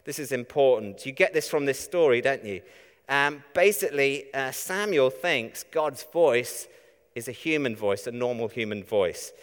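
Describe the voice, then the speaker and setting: A man preaching a chatty sermon, tossing in rhetorical questions as he goes. His voice is smooth and resonant at a middle pitch, carried on a long church reverb. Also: a bit bright. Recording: echoey church hall.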